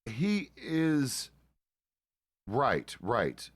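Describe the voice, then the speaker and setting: A man's voice: mid-range voice, wildly swooping pitch, extremely slow, dry recording, clean studio sound. A middle-aged man streaming a roleplay game, chatting casually in a rambling way, often correcting himself mid-sentence and swearing now and then. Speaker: streamer playing a deputy.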